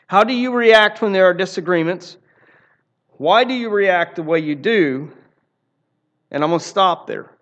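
A man's voice: high-pitched, a little slow, pauses often, fairly bright tone, highs cut off. A man preaching a sermon in an earnest, emphatic way, often repeating phrases for emphasis. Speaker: pastor.

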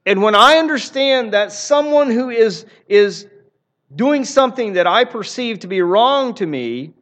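A man's voice: very high voice, animated, a little slow, fairly bright tone. A man preaching a sermon in an earnest, emphatic way, often repeating phrases for emphasis. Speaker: pastor.

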